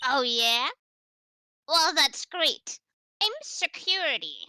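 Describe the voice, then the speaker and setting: A woman voicing a bossy old female security guard in a gruff, put-on game voice. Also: high voice, animated, slow, sharp tone, faint music behind, voice pushed up, heavily acted.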